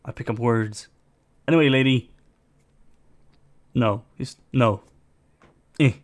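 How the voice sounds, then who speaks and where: Speaking slowly in a mid-range voice, a Swedish reaction video host offers casual commentary that rambles, leans opinionated and is full of fillers. His accent is mixed non-native English, part British and part American.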